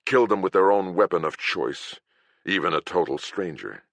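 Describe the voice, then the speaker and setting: Man doing a gruff, foul-mouthed healer. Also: low voice, animated, normal speed, a bit bright, no room sound, voice pushed up, exaggerated voice. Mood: snarling angry. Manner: snarling, profane, blunt.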